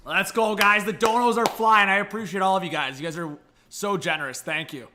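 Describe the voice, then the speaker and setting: A young man hosting a live hockey reaction stream, chatty and excitable, thanking viewers and coaxing his dog. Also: high voice, a little fast, noisy background. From Canada. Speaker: livestream host.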